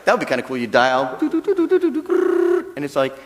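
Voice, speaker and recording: In a temple hall whose long reverb fills the recording, a male temple minister delivers a talkative, joke-filled dharma talk. His medium-pitched voice is slightly bright, and he speaks in a rapid-fire way.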